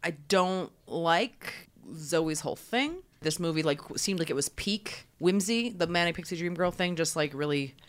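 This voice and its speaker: A woman's voice: fairly low pitch, normal speed, few pauses. A woman comedian guesting on a podcast in casual chat, wry and often laughing.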